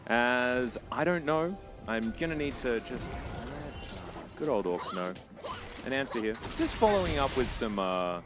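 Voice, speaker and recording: A man casting a live esports match on his own, chatting with viewers and jumping up loud and high on big plays. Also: lively intonation, measured pace, over music. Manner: chatty, talks straight to chat viewers. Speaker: esports caster. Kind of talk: live play-by-play commentary.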